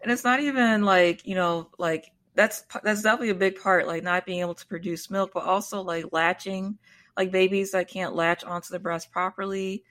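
A woman in casual chat, relaxed and quick to chime in with agreement. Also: medium pitch.

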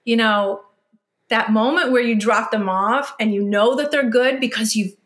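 A woman's voice: fairly high pitch, moderate pace. A middle-aged woman hosting a podcast, chatty and emotional as she shares stories about her kids. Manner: warm-hearted, emotional, chatty. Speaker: podcast host. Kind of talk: conversational interview.

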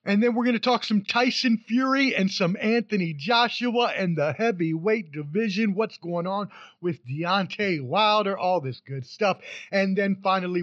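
A high-voiced man hosts a casual sports podcast, joking and animated, swinging from fast rambling runs to sudden loud whoops. His voice is dry and close, with slightly muffled sound. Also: no room sound. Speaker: podcast host.

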